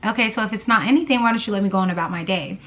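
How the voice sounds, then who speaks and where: A woman's voice: medium pitch, very fast, fairly bright tone. A woman vlogger telling a personal story in a casual, chatty way, full of fillers and blunt swearing. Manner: chatty, lots of "like" and "girl", swears freely.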